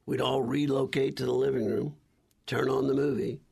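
An older man co-hosting a radio show, reminiscing in a relaxed, casual way. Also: mid-range voice, moderate pace, gravelly, slightly rough. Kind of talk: casual chat.

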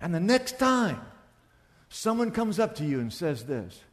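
Animated preaching man, church hall reverb. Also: sits high, brisk. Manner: animated preaching, acts out little dialogues with shifts of loudness. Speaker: pastor. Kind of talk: sermon.

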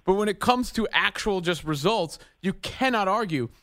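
A man's voice: high-pitched, expressive, normal speed, sharp tone, no echo. A man hosting a sports radio show from the studio, asking long conversational questions with frequent restarts. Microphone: studio mic.

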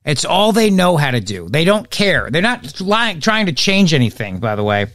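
A man's voice: fairly high pitch, big pitch swings, normal speed, a bit bright, no room sound. A man hosts a political commentary podcast in a slightly raised voice, full of sarcasm and mockery. His delivery is dry and close with no room sound. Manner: sarcastic and mocking. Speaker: podcast host.

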